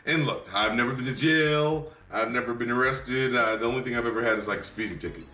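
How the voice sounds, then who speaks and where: A man's voice: mid-range voice, fast. A man co-hosting a reaction video, telling funny stories in casual chat, laughing and acting out the voices of family members. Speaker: reaction channel co-host. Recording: echoey room, mic at a distance, soft music behind.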